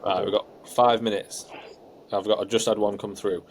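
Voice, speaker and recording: A man's voice: fairly low pitch, level tone, moderate pace, slight background noise. A young man, co-hosting a podcast, laid-back and rambling with lots of fillers. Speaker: podcast co-host. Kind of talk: casual chat.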